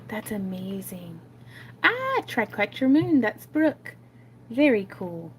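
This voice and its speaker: A woman's voice: mid-range voice, big pitch swings, slow pace, a little hiss or hum, low-quality recording. A woman hosting a craft livestream, chatting casually and rambling with frequent laughs while she makes jewelry. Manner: chatty, rambling, laughs often, many fillers.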